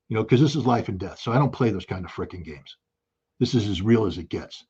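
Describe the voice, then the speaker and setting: Here the American talk-show guest, a man in his sixties, is a fast, expressive talker with a lowish, mellow, husky voice, heard in a muffled recording. Over video call he argues politics urgently and emphatically, pounding his points and coming back to key phrases.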